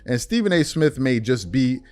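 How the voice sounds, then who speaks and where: A man's voice: mid-range voice, sing-song, moderate pace, darkish tone, no room sound. A man hosting a podcast, giving his opinion in casual talk that rambles with many fillers and repeats. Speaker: podcast host.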